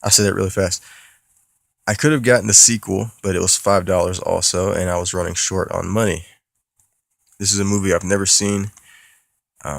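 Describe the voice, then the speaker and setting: A man with a deep, gravelly voice and a stuffy nose chats loosely about his latest movie purchases, cursing and restarting as he goes. The sound is dry and close, with no room around him. He talks like he is hanging out with friends. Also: no room sound. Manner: casual and profane, rambling with restarts. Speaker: movie collector vlogger. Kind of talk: casual unboxing vlog.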